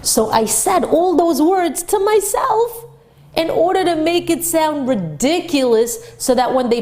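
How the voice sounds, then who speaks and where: A woman teaching a Torah class for women, retelling a story with animated, dramatic delivery. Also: high voice.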